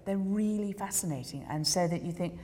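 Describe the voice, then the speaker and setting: Lively English woman telling a story. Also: lowish voice, brisk, big-room sound, slight background noise. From England. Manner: animated storyteller, acts out quoted voices, laughs often. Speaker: documentary filmmaker guest. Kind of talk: casual interview chat.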